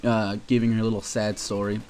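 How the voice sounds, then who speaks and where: A man's voice: on the low side, level tone, brisk, a little mellow, a little hiss or hum. A young man casually telling a long story about his school days, offhand and rambling with lots of fillers. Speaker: vlogger.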